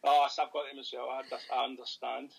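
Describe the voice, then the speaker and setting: A Scottish man in casual interview chat, rambling and thinking aloud with many pauses. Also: mid-range voice, flat delivery, vocal fry, husky, poor audio. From Scotland. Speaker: paranormal investigator and author.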